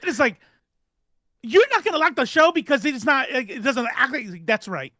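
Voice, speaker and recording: Man, podcast co-host, bright sharp tone, lively pitch, teasing banter. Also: no echo, studio quality. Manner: laughing, teasing, quick banter. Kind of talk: casual comedic chat.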